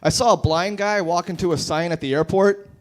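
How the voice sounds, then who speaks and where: Man doing deadpan stand-up one-liners. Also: high voice, a little fast. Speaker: open mic comedian. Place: brewery bar.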